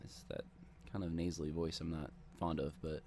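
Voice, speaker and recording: A man's voice: very deep voice, little pitch movement, a little fast, gravelly, a little mellow, slight background noise. A man casually commenting on videos he plays, wry and rambling, often asking questions aloud.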